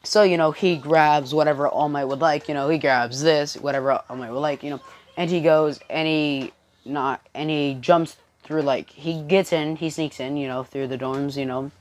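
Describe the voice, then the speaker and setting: Low-voiced woman rambling through a story. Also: fairly even intonation, normal speed. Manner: rambling, heavy on fillers. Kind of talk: improvised fan-fiction storytelling.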